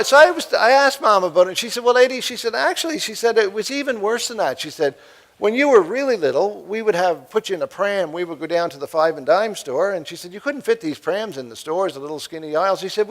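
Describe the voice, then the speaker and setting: Middle-aged guy from the east coast doing a keynote, jokey storytelling, kinda high voice. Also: expressive, quick pace, a bit bright. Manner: anecdotal, humorous, acts out quoted voices. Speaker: keynote speaker. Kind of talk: storytelling speech. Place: convocation hall.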